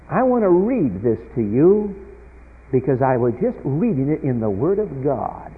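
A man delivers a sermon, moving between loud emphatic peaks and quiet asides. His voice is husky and lively in pitch. The sound is tinny and phone-like, with a long reverb from a church hall. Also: unhurried, pauses often. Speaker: preacher.

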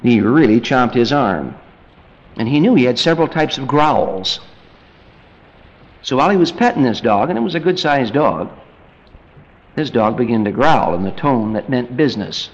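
A man preaching a sermon in an animated way, acting out family scenes and swinging from loud bursts to quiet, low asides. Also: moderate pace, pauses often, muffled recording. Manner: animated, acts out family scenes in quoted voices.

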